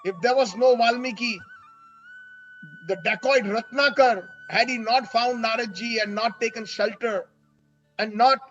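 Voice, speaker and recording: A man's voice: extremely high pitch, fairly bright tone. A man delivering a devotional story sermon as a religious storyteller, earnest and dramatic. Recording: dull lo-fi with faint music.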